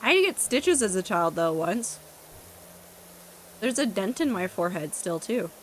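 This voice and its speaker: A woman's voice: mid-range voice, very animated, normal speed, a little hiss or hum. A young woman streaming a game from home, chatting casually with her chat in a rambling way, laughing at herself. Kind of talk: casual chat reading live chat while gaming.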